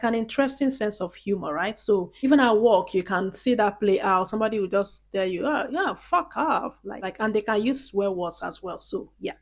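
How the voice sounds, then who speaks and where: A woman from Nigeria gives casual vlog advice in a chatty, earnest way, often checking in with her viewers. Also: medium pitch. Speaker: vlogger.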